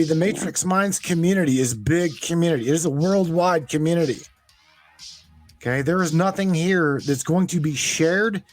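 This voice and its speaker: Male call-in host, emphatic and stammering, fairly high voice, faint music behind. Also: dry recording. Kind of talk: call-in talk show.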